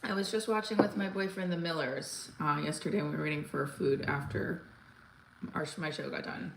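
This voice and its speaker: A woman's voice: sits low, fairly even intonation, normal speed, vocal fry. A woman in her forties chatting casually on a livestream from home, rambling with lots of fillers and restarts. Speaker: comedian livestream host. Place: home room. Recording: echoey room with faint ambient noise.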